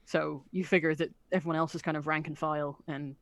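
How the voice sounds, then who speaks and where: Woman, game master, hesitant, lowish, dry sound. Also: steady tone, fairly quick, dry recording. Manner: hesitant, many ums. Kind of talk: narrating a tabletop game.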